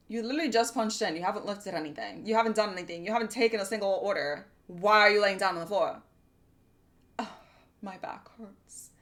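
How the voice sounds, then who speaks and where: A woman streamer telling a workplace story in casual chat, animated and profane, often exasperated. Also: mid-range voice.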